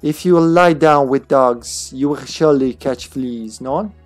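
A man's voice: mid-range voice, measured pace, soft background music, lightly acted. A man voicing a flirty, scheming female jester with a put-on French accent while reading game dialogue aloud. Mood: sly. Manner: sly, purring, theatrical.

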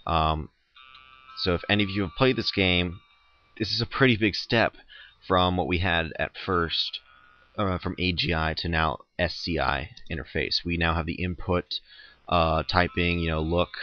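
A man's voice: low voice, fairly even intonation, measured pace, lo-fi sound. A young man casually commenting as he plays a computer game, rambling and joking as he goes. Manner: rambling, self-interrupting, joking. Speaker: let's play host.

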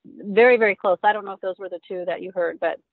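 A woman's voice: mid-range voice, fast talker, no room sound. A woman guest recounting experiences earnestly and emphatically in casual conversation. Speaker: interview guest. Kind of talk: casual interview chat. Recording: tinny phone line.

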